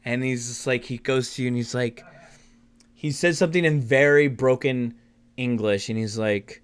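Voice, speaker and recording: A man's voice: medium pitch, moderate pace, clear, resonant tone. A man narrating as game master of a tabletop role-playing game, rambling with many restarts and fillers.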